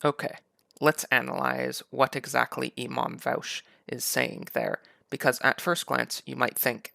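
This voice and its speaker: A man's voice: medium pitch, steady tone, unhurried, vocal fry, pushed and bright, no room sound, studio quality. A man giving sarcastic, mocking political commentary over video clips. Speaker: commentary YouTuber.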